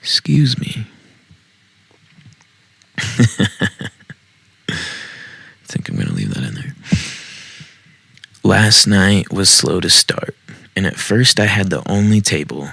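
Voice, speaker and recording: Deep gravelly-voiced man reading stories. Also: big pitch swings, takes it slowly, pauses often, bright, forceful tone, no echo. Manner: joking asides, self-mocking. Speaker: podcast host reading online posts. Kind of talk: casual read-aloud storytelling. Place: home basement.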